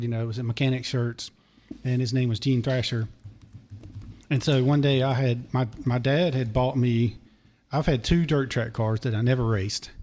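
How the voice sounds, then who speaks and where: Hoarse man telling long stories. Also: medium pitch, dark tone. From Charlotte area, North Carolina. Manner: digressive, detail-heavy storyteller. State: hoarse, losing his voice. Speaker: podcast guest, former race mechanic. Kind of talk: long rambling story told in casual chat.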